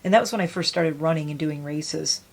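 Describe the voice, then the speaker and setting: A woman's voice: low-pitched, brisk, gravelly, darkish tone. A woman in her forties chatting casually as she does her makeup, rambling and self-deprecating. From United States. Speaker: beauty vlogger. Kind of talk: casual get-ready-with-me chat.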